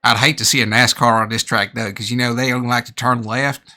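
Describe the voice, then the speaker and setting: A man's voice: mid-range voice, level tone, brisk, sharp tone. A man voicing a brash, boastful, dumb American race commentator with a put-on Southern drawl, cursing and bragging in live sim racing commentary. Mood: boisterous. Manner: boisterous, brags and swears.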